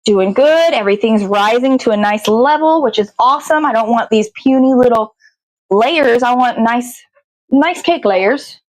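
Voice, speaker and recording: Slightly high-voiced woman swearing casually. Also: normal speed, no echo, poor audio. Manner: rambling, swears freely, talks to herself. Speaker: host. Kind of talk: casual chat while baking. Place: home kitchen.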